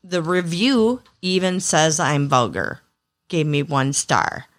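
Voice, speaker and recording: A woman's voice: low-pitched, expressive, takes it slowly. A woman with a Michigan accent co-hosting a podcast in casual chat, chatty and freely vulgar. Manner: chatty, swears freely, laughs easily. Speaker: podcast co-host.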